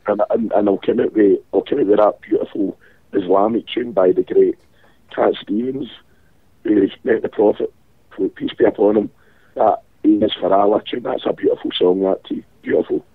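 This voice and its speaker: Husky Glasgow man on a phone line. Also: fairly low pitch, fairly even intonation, normal speed, no echo. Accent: Scottish, Glasgow. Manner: rambling, sweary banter. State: ill with a cold, rough-voiced. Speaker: caller. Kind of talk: casual chat.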